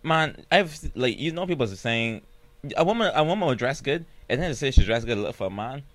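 A man's voice: medium pitch, expressive, quick pace, no echo. A young man, a podcast co-host who teases and jokes while setting up scenarios in casual chat. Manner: joking, teasing, sets up scenarios.

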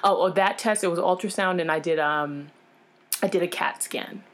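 A woman with a somewhat low voice tells a personal story as an interview guest, speaking frankly and with feeling. She talks casually, with plenty of fillers and self-corrections, and her delivery turns animated as she recounts what happened. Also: normal speed. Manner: animated, acts out others' lines in changed voices; frank, emotional retelling with frequent fillers.

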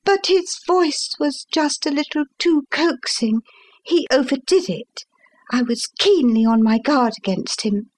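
A woman giving a measured, expressive first-person narration of a classic story as an audiobook reader. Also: sits high.

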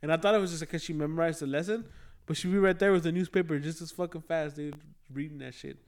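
Young guy cracking up telling a school story, swears a lot, kinda high voice. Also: fairly even intonation, fast talker. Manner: profane, laughing storyteller. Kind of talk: casual chat, storytelling.

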